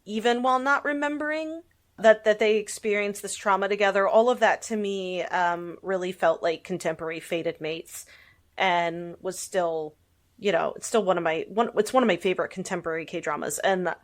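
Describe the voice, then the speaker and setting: Casting: woman podcast host, mid-pitched, animated, laughs through her stories. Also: normal speed. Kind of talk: casual chat.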